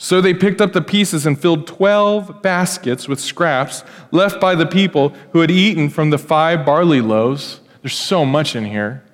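Animated male pastor in an echoey hall. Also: a little high, measured pace, few pauses. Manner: animated, conversational storytelling with acted-out quotes. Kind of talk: sermon. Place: church hall.

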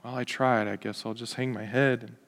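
A desperate woman, humble and hushed, speaking low and quiet, as a preacher acts her out. Her soft-spoken pleading rings out with a long hall reverb. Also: flat delivery, a little fast, close to an everyday voice. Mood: dejected.

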